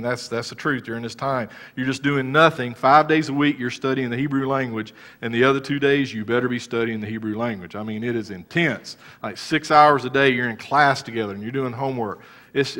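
A middle-aged man preaching a sermon as pastor, telling a story with sudden loud rises and soft, low passages.

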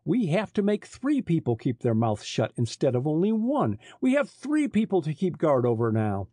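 A man voicing a sneering, surly chief smuggler in an audiobook, with a husky voice. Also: on the high side, wildly swooping pitch, normal speed, warm tone, dry recording, clean studio sound, pitched above the performer's own voice.

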